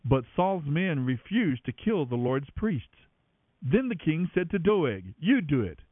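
A man reading scripture aloud as a radio program host, with dramatic, expressive narration. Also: fairly high pitch, takes it slowly, no room sound. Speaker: Bible reader. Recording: tinny narrow-band radio, dry.

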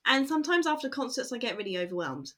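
A woman's voice: on the high side, very animated, fast talker, a bit bright. A woman talking casually in an interview, rambling with many fillers and bursts of laughter. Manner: chatty, lots of fillers and laughter. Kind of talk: casual chat.

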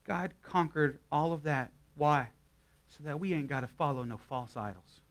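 A man's voice: a little high, moderate pace. A young adult man preaching to his congregation in a folksy, conversational way, telling a story and then leading a prayer. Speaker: guest pastor. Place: church service before a live congregation.

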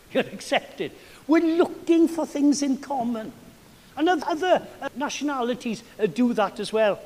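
A middle-aged man with a South Welsh accent delivers a sermon in a very high voice. He tells stories in an animated, chatty way and slips in self-deprecating asides. His voice rings out with a long reverb in a large hall. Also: unhurried. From South Wales. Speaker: preacher.

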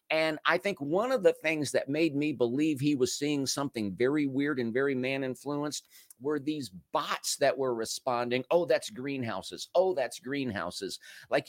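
Animated man firing rhetorical questions. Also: mid-range voice, no room sound, studio quality. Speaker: livestream host. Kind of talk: casual commentary to a live chat.

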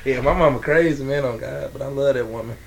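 A man's voice: mid-range voice, fast, vocal fry, slight background noise. A young man from Texas with a Texan accent, chatting casually on a podcast in a brash, profane, laughing way. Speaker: podcast co-host. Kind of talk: casual chat.

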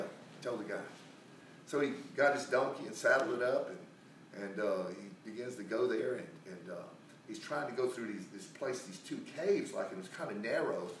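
A preacher tells a Bible story in a casual, rambling sermon, restarting often and acting out the quotes. His lowish voice is animated and brisk. It was recorded from a distance in an echoey room with slight background noise.

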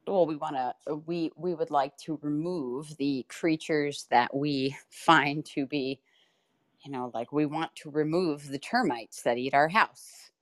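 A woman guest in a casual chat, telling stories in an animated way, swearing and laughing often. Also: deep voice, unhurried. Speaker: podcast guest.

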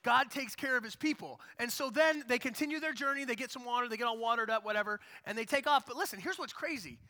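A man preaching a sermon, retelling the story in a casual, animated storytelling way. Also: very high voice, fast. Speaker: pastor. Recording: long hall reverb.

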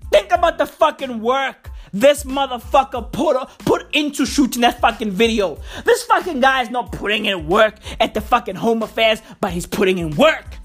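A woman's voice: on the high side, animated, moderate pace, few pauses, faint music behind. A woman from South Africa delivering a heated, swearing comedic rant full of slang and repetition. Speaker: comedic ranter.

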